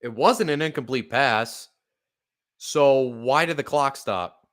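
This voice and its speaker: A young man giving live, profane fan play-by-play of a football game, exasperated and bursting into loud outbursts. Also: mid-range voice, takes it slowly. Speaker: podcast play-by-play host.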